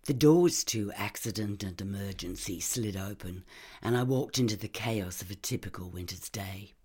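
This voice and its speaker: A reader narrating first-person crime fiction in a hushed, half-whispered manner. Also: deep voice, normal speed, slightly rough. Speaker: audiobook reader.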